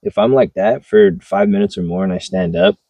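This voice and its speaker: A man's voice: deep voice, steady tone, fairly quick, dark tone, no room sound. A young man co-hosting a casual chat, laid-back and casually swearing, with plenty of dude and bro. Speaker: podcast co-host.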